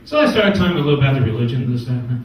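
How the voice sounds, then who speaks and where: A man from New doing a stand-up comedy set, wisecracking with deadpan setups and punchlines. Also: mid-range voice, racing, slight background noise. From New York. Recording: echoey room from far off.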